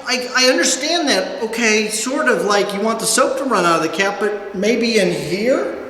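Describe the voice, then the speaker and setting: A man's voice: high voice, a bit bright. A man who owns a laundromat, filming a casual vlog, ranting in exasperation with lots of rhetorical questions. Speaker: laundromat owner and channel host. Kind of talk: casual talk-to-camera vlog. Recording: echoey, reverberant room.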